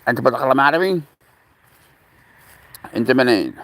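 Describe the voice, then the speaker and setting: A man's voice: medium pitch, animated, normal speed, fairly bright tone. A man rambling casually on a live stream from an outdoor park, greeting viewers and talking to his cat through a handheld phone. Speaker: livestream host.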